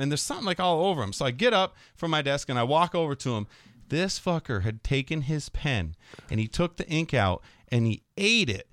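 Smooth-voiced man telling school stories. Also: a little high, dry recording, studio quality. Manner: animated storyteller, acts out students' voices. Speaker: middle school teacher, guest. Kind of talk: casual podcast storytelling.

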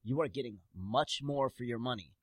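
A man chatting as a podcast guest, telling an animated story and laughing as he talks. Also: medium pitch, moderate pace, no echo. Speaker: podcast guest, travel agent. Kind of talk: casual chat.

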